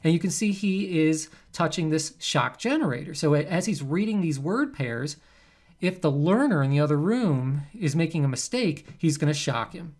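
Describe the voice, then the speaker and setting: A man, a psychology professor, giving a recorded lecture in a conversational, animated way. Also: on the high side, moderate pace. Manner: conversational, animated, acts out quoted subjects.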